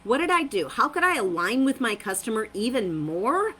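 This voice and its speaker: Upbeat woman host of a motivational stream, bright lively voice, emphatic repeats. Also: fairly high pitch, normal speed, slightly rough, low-quality recording. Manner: upbeat, emphatic, repeats phrases, laughs often. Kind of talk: live-streamed motivational talk.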